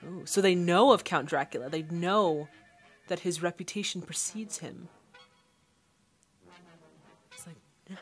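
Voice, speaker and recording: A woman's voice: fairly low pitch, measured pace, long pauses, faint music behind. A woman hosting a casual movie reaction, chatting and thinking aloud as the film plays.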